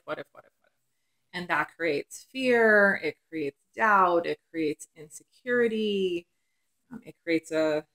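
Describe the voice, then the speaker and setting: A middle-aged woman therapist talking to camera in a relaxed, reflective way, with many pauses and fillers. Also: lowish voice. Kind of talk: casual talk to camera.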